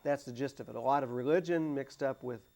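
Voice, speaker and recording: A man sits on a studio panel talking through a film he likes. He speaks at an everyday pitch and stops often to restart his sentences, with plenty of fillers between thoughts. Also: mellow. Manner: halting, many restarts and fillers. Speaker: panelist on a movie discussion show. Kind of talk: casual chat about a film. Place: cable TV studio.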